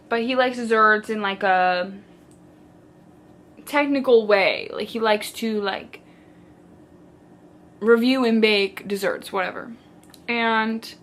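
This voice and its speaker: A young woman chatting casually as a book vlogger, animated and dramatic, with lots of filler "like"s. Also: a little high. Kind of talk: casual chat.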